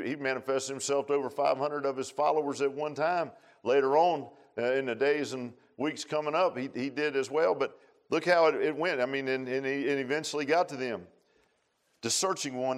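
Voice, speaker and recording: Fiery preacher, hushed to shouting. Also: male voice, medium pitch. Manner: swings from hushed to shouting, calls out "huh?". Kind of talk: sermon.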